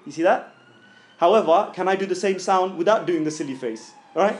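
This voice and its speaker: A man's voice: sits high, brisk. A man teaching Quran recitation in a casual classroom style, voicing sounds aloud to show them and checking in with "yeah?" as he goes. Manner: chatty, keeps checking in with "yeah?". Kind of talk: informal classroom lesson.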